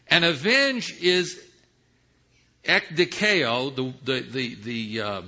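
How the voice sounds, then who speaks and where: Male preacher teaching scripture, husky and very bright, lively pitch, dull lo-fi recording. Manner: teaching Bible verses with rhetorical questions; swings from hushed to emphatic. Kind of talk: sermon. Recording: dull lo-fi sound.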